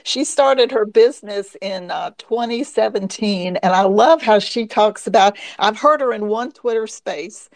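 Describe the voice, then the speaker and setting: A woman co-hosts a casual online audio conversation, stepping in to fill listeners in on background. She talks in a relaxed, explaining way, through a phone or computer mic. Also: mid-range voice, measured pace, hardly any pauses. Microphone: phone or computer mic in a live audio room.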